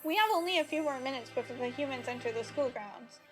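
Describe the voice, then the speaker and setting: A woman's voice: high voice, fast talker, close to an everyday voice. Haughty aristocrat student, barks orders, read by a woman, game music under. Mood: stern. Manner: imperious, commanding. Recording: game music playing behind.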